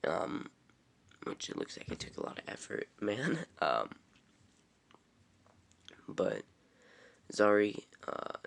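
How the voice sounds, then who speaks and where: A man's voice: deep voice, animated, slow pace, vocal fry, pauses often. A young man casually recapping a TV episode, rambling and full of "um"s. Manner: rambling, filler-heavy, offhand. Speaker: TV episode reviewer.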